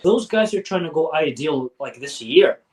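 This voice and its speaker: A man's voice: a little high, lively intonation, moderate pace. A man speaking as an interview guest, candid and blunt, often restarting his sentences and swearing. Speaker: interview guest, former member. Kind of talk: casual interview. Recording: voice sounds distant from mic.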